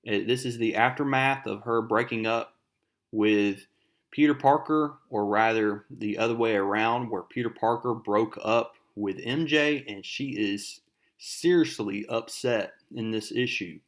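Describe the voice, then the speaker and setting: A man's voice: lowish voice, measured pace. Chatty young man recapping a comic. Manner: chatty, loose storytelling with fillers. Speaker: comic book video host.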